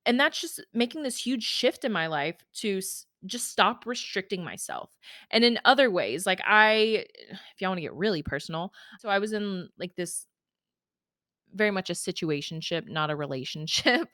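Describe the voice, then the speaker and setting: A woman's voice: mid-range voice, pushed and bright, dry recording, clean studio sound. A woman hosting a podcast, talking casually and emotionally about her own life in a chatty way, full of "like" and "y'all". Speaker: podcast host. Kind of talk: casual personal monologue.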